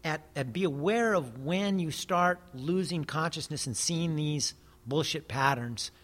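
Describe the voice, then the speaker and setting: An American man who holds forth in a casual conversation, earnest and preachy, with a lot of swearing. His voice sits on the higher side for a man. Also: unhurried, fairly bright tone. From United States. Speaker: guest.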